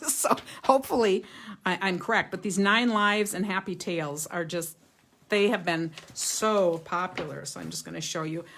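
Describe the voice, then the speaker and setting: A woman runs a live stream on handmade cards, speaking to viewers in a warm, casual way. Her voice is slightly low, she laughs often between remarks, and she reads viewer comments aloud, chatty and enthusiastic throughout.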